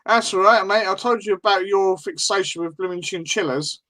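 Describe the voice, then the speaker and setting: A man chats casually with friends on a live stream, wandering from topic to topic with cheeky swearing. His voice sits high and sounds bright and forward. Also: normal speed. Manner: rambling, swearing, laughing banter.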